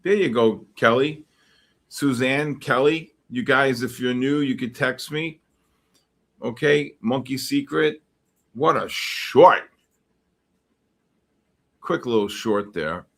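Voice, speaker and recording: Speaking unhurriedly in a medium, fairly bright voice, a man runs a live futures trading stream. His commentary wanders across the charts and the viewer chat, heavy with fillers.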